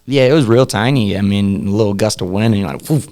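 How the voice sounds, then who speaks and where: A man's voice: lowish voice, quick pace, a little mellow. A young man, a podcast guest, chatting casually in a laid-back, rambling way and laughing often. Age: young adult. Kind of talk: casual interview chat.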